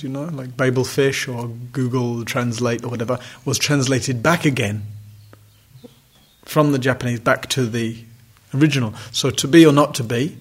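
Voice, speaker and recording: A man's voice: mid-range voice, husky. A man giving a reflective, conversational dharma talk as a meditation teacher, with wry asides. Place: retreat center hall.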